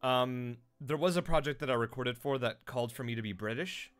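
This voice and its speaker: A man of middling pitch chats loosely with his stream viewers about his voice-acting work. He rambles and restarts, with an easy, self-mocking tone. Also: fairly quick, clean tone. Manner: rambling, self-deprecating, many fillers and restarts. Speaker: streamer and voice actor. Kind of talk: casual stream chat answering viewers.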